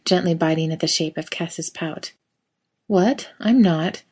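Husky woman reading a story aloud. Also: low voice, darkish tone. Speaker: narrator. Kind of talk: reading fan fiction aloud.

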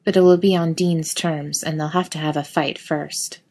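Low-voiced woman reading fiction aloud. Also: steady tone, moderate pace, dark tone. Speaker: narrator.

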